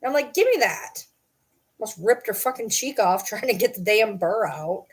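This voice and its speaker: A woman's voice: medium pitch, a little fast, husky. A woman vlogging in casual chat to camera, profane and rambling, breaking off to talk to her dogs.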